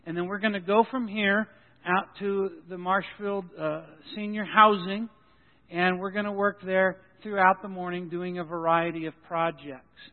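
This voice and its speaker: High-voiced joking pastor in a hall. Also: male voice, steady tone, moderate pace. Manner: folksy, joking, with frequent restarts. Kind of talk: sermon with announcements. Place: church sanctuary. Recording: tinny phone-like sound in a reverberant hall.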